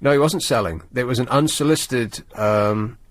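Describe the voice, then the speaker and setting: A man hosts a talk radio show from a studio. He rambles in a sardonic, halting way at a medium pitch. His voice sounds dry and close to the mic. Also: dry recording. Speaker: radio host. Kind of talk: late-night talk radio monologue.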